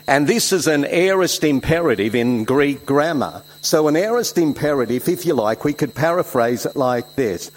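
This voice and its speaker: Slow-paced preacher with hum. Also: male voice, fairly high pitch, rough recording. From Switzerland. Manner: emphatic, swings between loud exclamations and soft reflective asides. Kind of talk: sermon.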